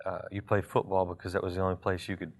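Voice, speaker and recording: A man with a lowish voice hosts a television talk show. He asks short questions, adds brief affirmations, and keeps a relaxed, joking tone. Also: fast, creaky.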